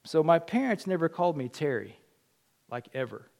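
Preaching animatedly, a middle-aged male pastor tells personal stories, acts out quotes, and sometimes drops almost to a whisper. His voice is fairly high with vocal fry, at a moderate pace.

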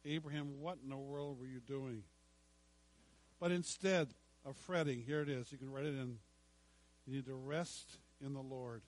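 A middle-aged male pastor preaching a sermon, slowing down to stress scripture and dropping to quiet asides. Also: medium pitch, fairly even intonation, rough recording. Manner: emphatic preaching, slows to stress scripture, drops to hushed asides.

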